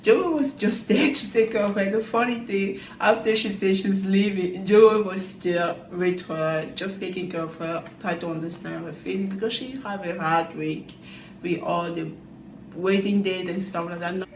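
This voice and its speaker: A woman's voice: medium pitch, noisy background. Chatty woman in a roomy space. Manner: chatty, loose grammar, quick asides. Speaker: reality TV recap vlogger. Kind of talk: casual chat recap.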